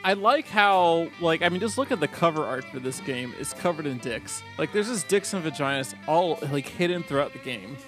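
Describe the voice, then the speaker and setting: A man with a slightly high voice rambles and giggles through his stories on a casual gaming podcast. Music plays clearly beneath him. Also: animated, normal speed, few pauses. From part Irish heritage. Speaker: podcast co-host.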